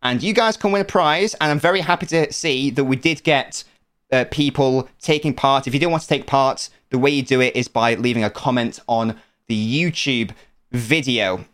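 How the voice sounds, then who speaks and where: A young man hosts a podcast quiz segment in a casual, playful way. His voice is smooth and clear at a middle pitch. He teases his co-host and laughs easily. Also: a bit bright. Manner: playful, teasing, quick to laugh.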